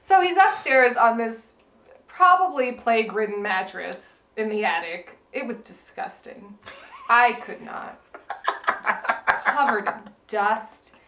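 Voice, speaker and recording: A woman's voice: fairly high pitch, slow pace. A woman co-hosting a film review podcast, chatting casually, swearing freely and acting out her own reactions. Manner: animated, profane, acts out her reactions. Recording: roomy echo.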